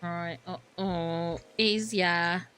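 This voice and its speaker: A woman's voice: lowish voice, fairly even intonation, very slow, sharp tone. Flustered woman streaming a game. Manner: flustered, talks to herself, frequent laughs and exclamations. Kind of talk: gaming livestream commentary.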